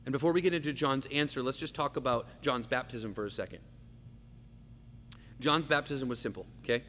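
A man preaching a verse-by-verse sermon, emphatic, slowing down and repeating key phrases for weight. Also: mid-range voice, fairly bright tone. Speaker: pastor. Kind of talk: expository sermon. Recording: long reverb, faint hum.

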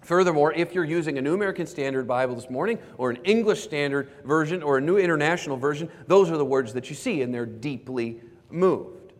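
An earnest male pastor preaching to his congregation, his voice pitched a little high for a man. He explains carefully and drops to a soft repeat on the words he wants to land. The sound carries the long reverb of a church hall. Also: brisk. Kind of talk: sermon. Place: church sanctuary.

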